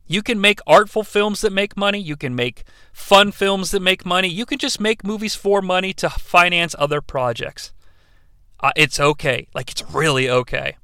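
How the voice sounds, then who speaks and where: A man's voice: sits high, moderate pace, pushed and bright, smooth, dry recording. A man reviewing a movie in a sarcastic, profane, rambling comedic rant.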